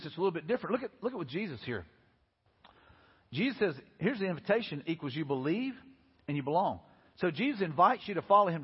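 A middle-aged man, preaching a sermon as pastor, animated and telling stories with quoted dialogue. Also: high-pitched, breathy edge. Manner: animated, storytelling with repeated quotes. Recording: lo-fi recording in a reverberant hall.

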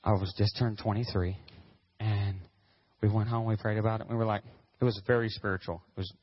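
Animated male pastor telling a story. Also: on the low side, normal speed, long pauses, slightly rough, no echo, dull audio. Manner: animated, acts out quotes, whoops with excitement. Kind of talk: storytelling sermon.

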